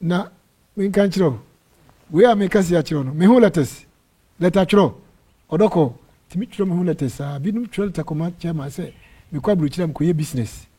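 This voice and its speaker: A middle-aged man from Ghana, an apostle, telling animated stories in an interview and acting out the dialogue. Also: fairly high pitch, a little fast, slightly rough. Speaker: apostle and church area head. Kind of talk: storytelling interview testimony.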